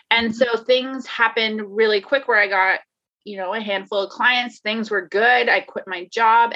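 A woman's voice: mid-range voice, bright, forceful tone. A woman talking candidly in a casual conversation, laughing often, swearing and restarting her sentences. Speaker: guest, life coach. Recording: dull lo-fi sound.

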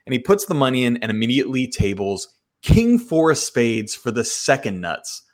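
A man hosting a solo podcast, walking through a hand he played with animated, self-mocking storytelling. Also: mid-range voice, moderate pace. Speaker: podcast host.

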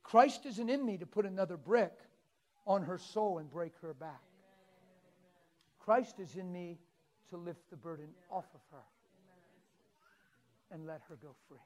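A male preacher telling a story in a sermon, swinging from soft coaxing to loud exclaiming. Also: high-pitched, unhurried, pauses often.

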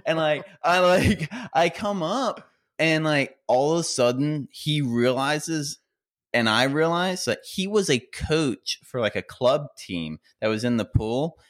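A man co-hosting a podcast, telling a long, rambling story in casual chat with lots of fillers and shouted quotes. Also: takes it slowly. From rural America. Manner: rambling, animated, acts out quotes in a high yell. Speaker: podcast co-host.

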